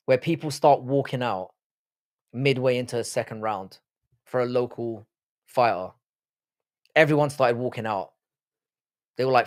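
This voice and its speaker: A young man from Cork with an Irish accent, hosting a casual livestream and answering viewer comments in a blunt, sweary, rambling way. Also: mid-range voice. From Ireland. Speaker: livestream host. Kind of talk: casual live-stream chat reading viewer comments.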